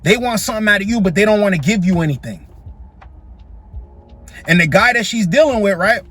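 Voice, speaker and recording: A man's voice: sits high, expressive, a little fast, a bit bright. A man hosting a reaction video, talking in a blunt, mocking way as he comments on clips.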